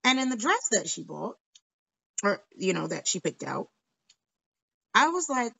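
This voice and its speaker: A woman's voice: mid-range voice, very animated, slow pace, vocal fry, pauses often, pushed and bright, slightly rough, poor audio. A middle-aged woman chatting casually while she crafts at her kitchen table, rambling from story to story and laughing often. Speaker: crafting vlogger.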